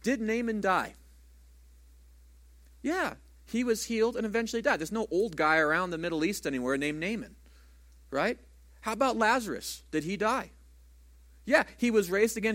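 A male pastor delivers a sermon in a church sanctuary, with a voice that sits a touch higher than most men's. He keeps a conversational preaching manner and throws rhetorical questions out to the congregation. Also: expressive, moderate pace, long pauses, a bit bright.

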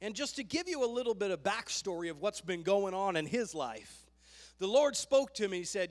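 A man preaching a sermon, fervent and emphatic, with loud rising bursts as he tells the story. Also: sits high, expressive, brisk. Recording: long hall reverb.

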